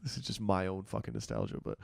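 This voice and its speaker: A man hosting a podcast in casual chat, relaxed and full of fillers, swearing freely, close to the mic. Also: low-pitched, quick pace, gravelly, dry recording. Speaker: podcast host.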